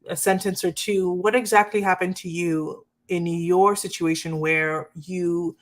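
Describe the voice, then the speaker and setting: Woman relationship coach, slightly low voice, earnest, talks straight to viewers, keeps asking "okay?". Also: fairly bright tone. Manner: earnest, repetitive, checks in with "okay?"; addresses viewers directly, asks for comments. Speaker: marriage coach. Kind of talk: live-stream coaching talk.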